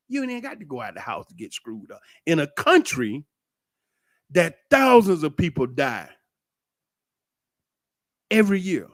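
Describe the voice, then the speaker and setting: A middle-aged man with holds forth in a loose, preachy monologue. His fairly high voice swings widely up and down as he swears freely and speaks without pause. The recording is dry and close, with no room sound. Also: no room sound. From United States. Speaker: commentator. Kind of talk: casual monologue.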